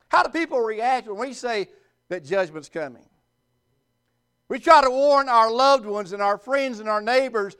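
A male pastor preaching with a very high, clear, smooth voice. He leans into his words, pausing for effect and swinging between loud and quiet. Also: animated. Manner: emphatic, with dramatic pauses and swings in volume. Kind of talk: sermon.

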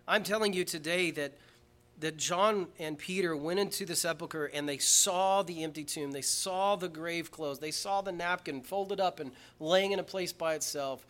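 A pastor preaching a sermon in church, swinging from quiet, slow, earnest passages up to loud emphatic peaks. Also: male voice, on the high side.

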